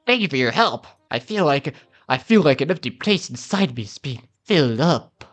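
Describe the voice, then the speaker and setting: A man voicing a grateful rescued castaway from a video game, soft and heartfelt. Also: mid-range voice, big pitch swings, normal speed.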